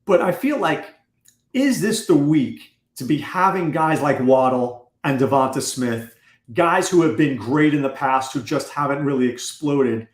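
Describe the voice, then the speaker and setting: A man talking fast and dryly about weekly picks, tossing question after question at his guest. His voice sits a bit high for a man and rings around a roomy, echoey space. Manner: quick, wry, asks probing questions. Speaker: fantasy football podcast host. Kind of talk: casual analytical chat. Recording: echoey room.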